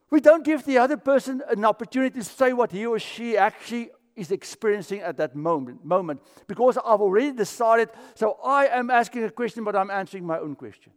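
A man's voice: sits high, fairly quick, hardly any pauses, long reverb tail. A man from Africa, preaching a sermon as pastor and telling stories. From South Africa. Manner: storytelling, acts out quoted voices.

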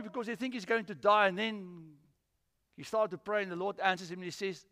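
Animated pastor preaching in a hall. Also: male voice, high-pitched, brisk. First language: Afrikaans. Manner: animated storytelling with acted-out voices. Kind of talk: sermon. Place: church.

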